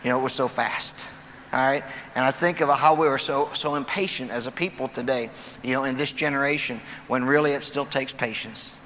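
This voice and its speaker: A man speaking to an audience in a large auditorium with a folksy, storytelling manner and a pitch right in the middle for a man. His voice is caught from a distance, with a long echo from the hall and a faint hum of room noise behind it. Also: fairly even intonation, brisk, fairly bright tone. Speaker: motivational speaker. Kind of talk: motivational stage talk. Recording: distant, echoey live hall recording.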